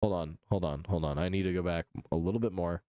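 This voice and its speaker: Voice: sits low, steady tone, fast talker, lo-fi sound, background noise. A streamer giving crude, profane, mocking play-by-play commentary on a live stream while scrubbing through a video and reading chat. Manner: frequent silly put-on quote voices. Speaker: livestream host.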